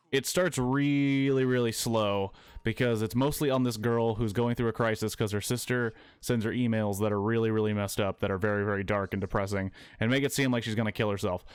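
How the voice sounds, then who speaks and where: A man's voice: on the low side, clear, resonant tone, no room sound. A man casually retelling a film for laughs while he plays a video game at home, rambling, swearing and correcting himself as he goes. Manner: profane, rambling, corrects himself mid-sentence. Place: his apartment.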